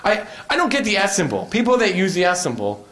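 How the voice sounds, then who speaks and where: A man performing stand-up comedy, telling stories in a lively, conversational way at a live venue. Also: high-pitched, fast, roomy sound.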